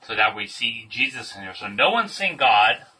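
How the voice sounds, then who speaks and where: A man's voice: mid-range voice, very animated, normal speed, sharp tone, breathy edge. A man leading a casual group Bible study, thinking aloud and stressing key words. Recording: distant mic with faint room noise.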